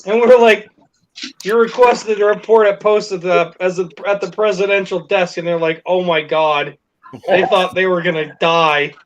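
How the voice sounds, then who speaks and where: High-voiced man telling a casual story. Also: steady tone, normal speed. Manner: laughing, swearing, acts out quotes. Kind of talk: casual storytelling among friends. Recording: dull lo-fi recording with faint noise.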